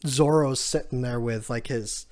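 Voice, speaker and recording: A man's voice: medium pitch, unhurried, a little mellow. A man casually retelling a comic chapter, acting out the characters' lines and chuckling often. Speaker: manga chapter reviewer. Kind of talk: casual recap with acted-out quotes.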